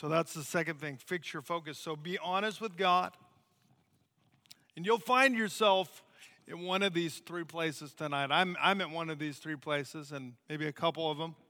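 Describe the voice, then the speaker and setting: An American missionary man preaches in a lively, conversational style. His voice sits high and sounds bright and forceful. A long hall reverb trails after his words. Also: normal speed. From United States. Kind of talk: sermon.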